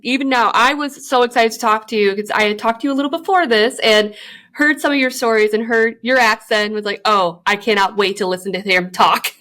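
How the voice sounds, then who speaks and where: A woman's voice: fairly high pitch, brisk, fairly bright tone. A young adult woman hosting a podcast interview, asking questions in an effusive, enthusiastic way. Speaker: podcast host.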